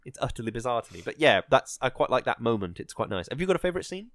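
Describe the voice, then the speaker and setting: A man's voice: mid-range voice, sing-song, rapid-fire, fairly bright tone, no echo. A man co-hosting a podcast, chatting casually in a rambling, hesitant way with many fillers. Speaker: podcast co-host. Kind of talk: casual chat.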